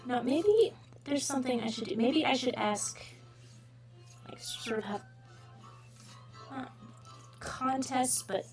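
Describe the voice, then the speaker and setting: A woman's voice: high-pitched, slow pace, long pauses, faint music behind. A woman hosting a drawing livestream, chatting casually and rambling, sometimes dropping into whispers. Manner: rambling, self-mocking, trails into whispers. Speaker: livestream host drawing requests.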